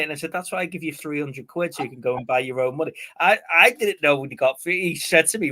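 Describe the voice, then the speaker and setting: A man's voice: on the high side, racing, hardly any pauses, sharp tone. A man, co-hosting a live stream in casual, rambling chat full of fillers and stories. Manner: chatty, rambling storyteller with frequent fillers. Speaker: co-host of a movie live stream.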